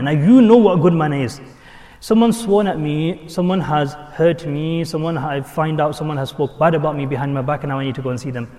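A man's voice: fairly high pitch, fast talker, a little mellow. A man giving an earnest sermon, repeating his points and mixing in Arabic and Urdu terms. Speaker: Islamic preacher. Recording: long hall reverb.

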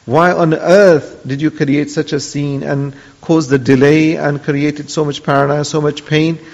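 A man's voice: fairly high pitch, level tone, unhurried, vocal fry, darkish tone. A man voicing a stern, commanding ship captain within a spoken story. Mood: scolding. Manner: barking orders. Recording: dull lo-fi audio with long hall reverb.

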